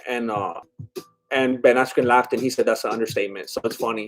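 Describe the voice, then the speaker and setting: A man's voice: medium pitch, very animated, fast. A man hosting a casual live watch-along stream, reading viewer comments aloud while eating, chatty and a bit scattered, laughing often. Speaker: livestream host.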